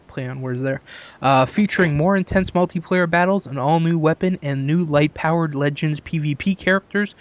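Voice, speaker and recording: A man from Canada hosting a casual gaming podcast chat, teasing his co-hosts and laughing at his own jokes. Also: a little high. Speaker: podcast host. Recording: dull lo-fi podcast audio.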